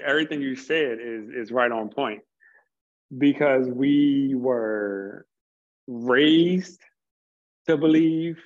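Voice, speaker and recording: A man's voice: medium pitch, dull audio. A man speaking earnestly as an interview guest, reflecting at length and sometimes stumbling over his words. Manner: earnest, stumbles on words, builds points slowly. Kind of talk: reflective conversation.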